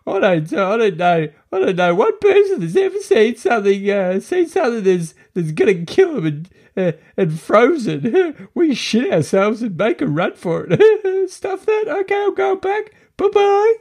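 A man's voice: very high voice, big pitch swings, unhurried, few pauses, a little mellow, pitched above the performer's own voice, exaggerated voice. A man voicing a bewildered, grumbling male cave man who rants in exasperation. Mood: exasperated.

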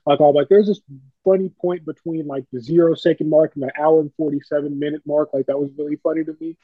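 A man's voice: fairly high pitch, steady tone, fast talker, dry recording. A man on a movie podcast panel, talking casually and animatedly, swearing freely. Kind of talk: casual movie review chat. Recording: dull lo-fi mic.

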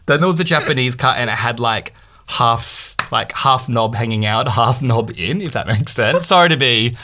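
A man's voice: medium pitch, moderate pace, slight background noise. A man in his thirties, a podcast co-host, telling a personal story in casual chat and acting out the people in it. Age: 30s. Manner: animated, acts out quoted voices.

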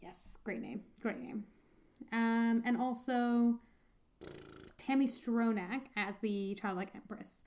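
Woman, podcast co-host, slightly high voice, casual halting chat. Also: darkish tone. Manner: chatty, halting, many fillers and restarts.

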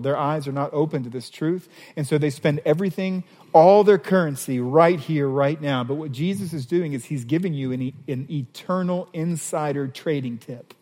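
A man preaching a sermon as a pastor, animated, reading scripture passages aloud. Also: a little high, big-room sound.

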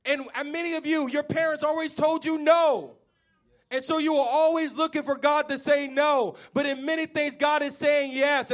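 A man preaching a sermon as pastor, impassioned, at times shouting refrains to the congregation. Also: very high voice.

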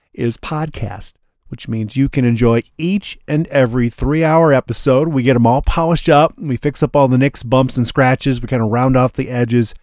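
A man's voice: medium pitch, darkish tone, dry recording, clean studio sound. A man hosting a radio show, talking in a loose, rambling way between records. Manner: rambling and laid-back, drops 'man' and 'uh' often. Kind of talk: casual radio DJ patter.

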